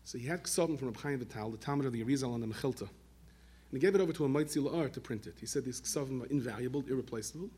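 A man giving a storytelling sermon, animated, weaving Yiddish and Hebrew terms into his talk. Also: mid-range voice, racing, slightly rough. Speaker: rabbi telling stories.

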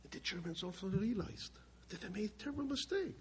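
An older man giving a spoken testimony from his family's past, emphatic and halting. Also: high voice, big pitch swings, a little mellow, husky. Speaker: storyteller.

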